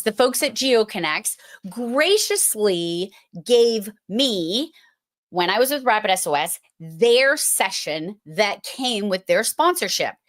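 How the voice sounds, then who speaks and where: A woman's voice: mid-range voice, a bit bright. A middle-aged woman, a host telling stories and giving a playful, chatty talk. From Massachusetts. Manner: storytelling, playful and chatty, with filler words. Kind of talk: casual presentation.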